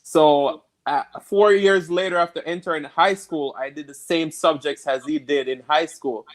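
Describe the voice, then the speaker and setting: Casting note: Jamaican man, slightly higher voice, relaxed interview guest who laughs easily. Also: moderate pace. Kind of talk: casual interview chat.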